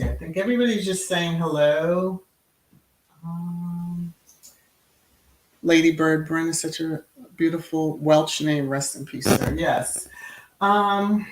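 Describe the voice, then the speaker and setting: Woman, middle-aged, livestream host; slow, chatty, laughs easily, echoey room. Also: lowish voice, slight background noise. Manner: chatty, reacts aloud to viewers, laughs often. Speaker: channel host. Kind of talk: casual livestream chat reading comments. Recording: roomy echo.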